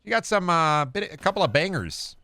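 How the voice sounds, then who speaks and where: A man from Iowa streaming a game, reading chat questions aloud and answering with offhand jokes and gruff mock-dad phrases. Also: on the high side, very animated, brisk, sharp tone, no room sound. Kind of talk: casual live-stream chat while gaming.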